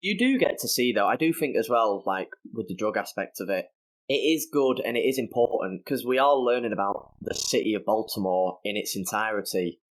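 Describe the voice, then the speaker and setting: A man's voice: on the low side, animated, brisk. A man with a British accent talks as a podcast guest. His speech is loose and conversational, full of fillers as he chats. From Britain. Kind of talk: casual chat.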